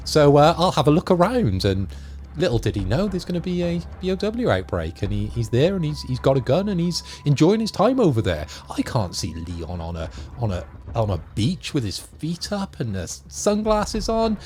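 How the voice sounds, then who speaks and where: A man's voice: fairly high pitch, wildly swooping pitch, moderate pace, a little mellow, a little hiss or hum. A man co-hosting a casual film review chat, joking and asking his co-hosts to agree. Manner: jokey, conversational, tag questions. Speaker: podcast co-host.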